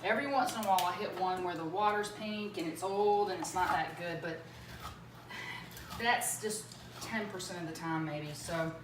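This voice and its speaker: A woman's voice: lowish voice, normal speed. Chatty woman in an echoey kitchen. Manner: chatty, rambling with many fillers and asides. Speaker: home cook demonstrating a recipe. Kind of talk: casual cooking demo. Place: home kitchen with running water. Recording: echoey room, mic at a distance, loud background noise.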